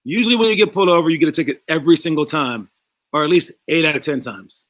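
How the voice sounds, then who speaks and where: A man coaching young basketball players, talking in a calm, conversational way and acting out the voices of people in his stories. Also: fairly high pitch, fast, no room sound. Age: adult past college.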